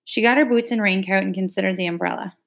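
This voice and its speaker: A woman narrates a children's novel in a steady, measured storytelling voice. Her pitch sits in an ordinary middle range, and a noticeable vocal fry roughens her phrases. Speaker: audiobook reader. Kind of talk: reading a novel aloud.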